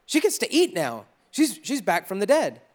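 A man delivers a relaxed, conversational sermon with a slightly higher voice. He preaches with animation, briefly acting out the voices of a doubting crowd. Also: moderate pace. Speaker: pastor. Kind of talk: casual sermon.

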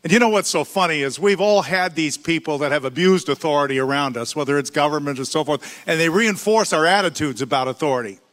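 A man's voice: a little high, fast talker, hardly any pauses. Older man preaching in an echoing church. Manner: storytelling, lively, shifts into character voices. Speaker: guest preacher. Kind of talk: sermon with a told joke. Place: church sanctuary. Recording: church hall reverb.

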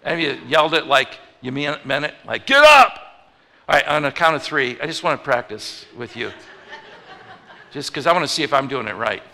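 A male pastor preaching a conversational sermon, moving from loud emphatic lines to hushed ones. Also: medium pitch, fairly quick. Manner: conversational, animated, swings between loud and hushed. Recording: reverberant hall.

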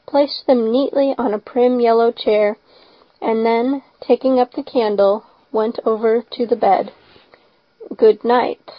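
A woman reading a story aloud as audiobook narration, measured and expressive. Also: on the high side, dry recording. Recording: slightly dull lo-fi recording.

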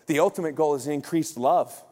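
A pastor in his forties preaching a sermon in a lively, joking way, often acting out quotes. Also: fairly high pitch, moderate pace. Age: 40s. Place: church auditorium. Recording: reverberant hall.

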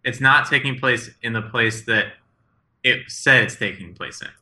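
A man's voice: mid-range voice, normal speed, bright, forceful tone. A man co-hosting a tech podcast, pressing with follow-up questions in casual chat. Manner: probing, questioning. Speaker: podcast co-host.

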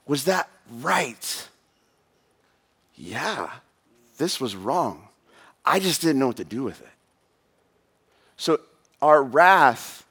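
A man in his thirties preaching a sermon in a casual, rambling way, full of fillers and asides. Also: mid-range voice. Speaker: pastor.

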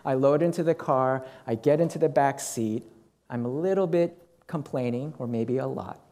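Middle-aged guy preaching, telling a story all animated, kinda mellow dark voice. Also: mid-range voice, moderate pace. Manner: animated storytelling with acted quotes. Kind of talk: sermon storytelling.

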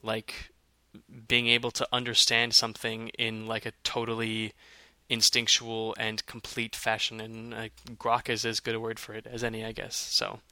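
A man co-hosting a casual chat, talking in a relaxed way with many fillers and restarts. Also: fairly low pitch, normal speed, dry recording.

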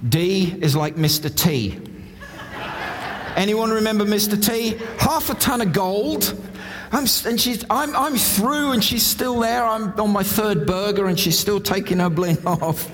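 Animated male preacher in a reverberant hall. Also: sits high, a little slow, slight background noise. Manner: conversational, self-deprecating, animated storytelling. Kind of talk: sermon with humorous anecdotes.

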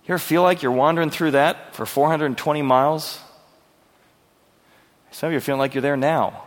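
A man's voice: fairly high pitch, steady tone, brisk, big-room sound. A male pastor preaching a verse-by-verse sermon in an earnest, conversational way, asking his listeners questions.

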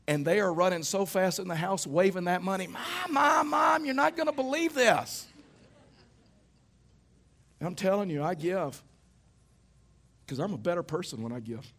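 A middle-aged man preaching a sermon in a church, telling stories in a conversational way and tossing rhetorical questions to the congregation. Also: a little high. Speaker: pastor.

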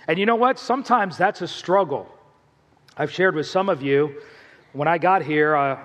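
A man's voice: a little high, fairly bright tone, big-room sound, lo-fi sound. A male pastor preaching a sermon, telling stories in a conversational way and asking the congregation questions.

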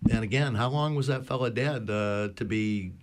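A man's voice: medium pitch, normal speed, slight background noise. A man telling rambling boating anecdotes on a community radio talk show, full of fillers. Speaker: boat talk show regular. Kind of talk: casual storytelling on community radio.

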